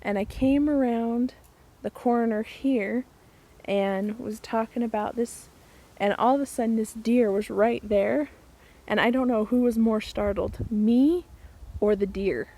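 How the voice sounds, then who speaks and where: A woman's voice: on the high side, measured pace, mellow, rough recording. A woman vlogger casually telling a funny story to the camera, outdoors in her garden, chatty and laughing as she goes.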